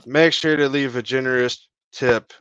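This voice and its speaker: A man chats casually as a guest, trading jokes and filling his sentences with easy asides. His voice sits at an ordinary pitch. The sound is dry and a little muffled, like lo-fi call audio. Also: fairly even intonation, moderate pace, fairly bright tone, clear, resonant tone, no room sound. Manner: joking, laid-back, says "you know" often. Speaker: guest voice actor. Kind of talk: casual interview chat.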